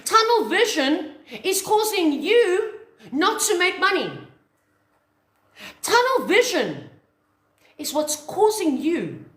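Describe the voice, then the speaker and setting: A woman, an online business coach giving an animated motivational talk that acts out little scenes. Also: very high-pitched, echoey room. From South Africa.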